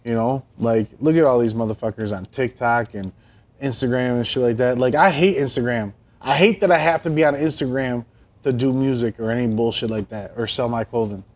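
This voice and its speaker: A man in casual interview chat, telling stories in a profane, animated way. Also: medium pitch, fairly quick. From Buffalo, New York. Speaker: guest. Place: his store.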